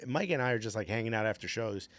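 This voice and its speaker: Animated storytelling man, lively pitch. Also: quick pace, no echo. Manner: animated storyteller, laughs often. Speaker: guest comedian. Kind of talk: casual podcast chat.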